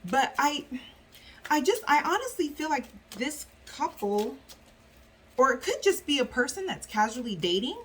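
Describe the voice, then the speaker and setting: Her voice is high, very animated and a bit bright, with a little hiss or hum in the recording. This woman gives viewers an easygoing tarot reading packed with fillers, often breaking into short character voices for people and spirits.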